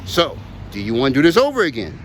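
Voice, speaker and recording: A man's voice: mid-range voice, huge pitch swings, quick pace, slight background noise. A man chatting casually outdoors while out on a walk, rambling and emphatic and often repeating himself. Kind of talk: casual chat while walking.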